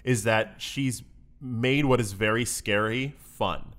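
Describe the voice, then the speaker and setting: Casting: young male podcast co-host, rambling, self-mocking, medium-pitched. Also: slow pace, a bit bright. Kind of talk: casual chat. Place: room above a comic shop.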